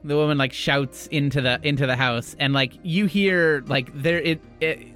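A man's voice: on the high side, fairly even intonation, normal speed, fairly bright tone, faint music behind. Casual male game master. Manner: casual, filler-heavy narration. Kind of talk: narrating a tabletop game.

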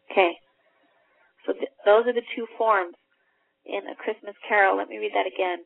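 A woman's voice: mid-range voice, steady tone, normal speed, vocal fry, long pauses, husky, no echo. A woman leading a teaching call, reading a passage aloud and explaining it in an earnest way, stressing key words. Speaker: family mentor trainer. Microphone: phone call. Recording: tinny dry phone line.

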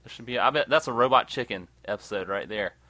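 A man in casual, profane chat, telling animated stories and acting out quotes. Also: mid-range voice, fast talker, dry recording. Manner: animated storyteller, swears often, acts out quotes.

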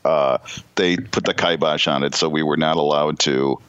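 A man's voice: very deep voice, fairly even intonation, normal speed, a bit bright, smooth, dry recording. A man in his fifties co-hosting a podcast, telling stories in a rambling, chatty way. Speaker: podcast co-host. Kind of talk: casual chat. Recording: dull, lo-fi remote line.

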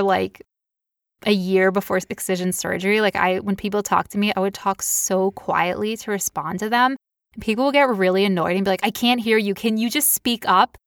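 A woman in her thirties speaks candidly about her own past, leaning on casual "like" fillers as she co-hosts a podcast. Her voice sits at a middle pitch and the recording is dry and close, with no room sound. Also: no room sound. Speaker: podcast co-host. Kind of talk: personal storytelling in casual chat.

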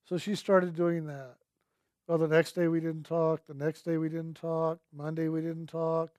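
Earnest soft-spoken guy telling a faith story, voice sits a bit high, close dry mic. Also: little pitch movement, no room sound. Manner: gentle and earnest, repeats key phrases slowly. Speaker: speaker sharing a personal testimony. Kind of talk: reflective spiritual storytelling.

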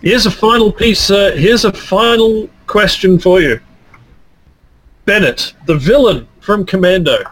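A man's voice: high-pitched, measured pace, a bit bright, low-quality recording. A man with an Australian accent bantering and swearing as a player in a tabletop game chat. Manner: laughing, swearing, teasing quiz questions. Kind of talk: casual banter.

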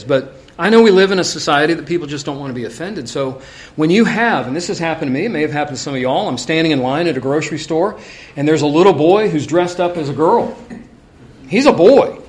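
Speaking to his congregation, this middle-aged preacher has a voice pitched a bit above the typical male range. He keeps things relaxed and chatty, weaving in personal stories and wandering off into asides.

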